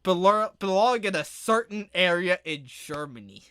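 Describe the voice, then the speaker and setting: A man co-hosting a podcast in casual chat, joking crudely and often breaking into loud mock-shouted impressions. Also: high-pitched, lively intonation, normal speed, clear, resonant tone. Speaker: podcast co-host.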